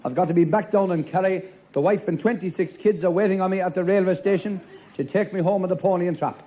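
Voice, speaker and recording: A man with an Irish accent telling stand-up jokes in a deadpan storytelling manner, playing a policeman. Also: high voice. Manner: deadpan storytelling, rapid one-liners in character as a policeman. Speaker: stand-up comedian. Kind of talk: live stand-up joke-telling. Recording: live show with faint crowd laughter and noise.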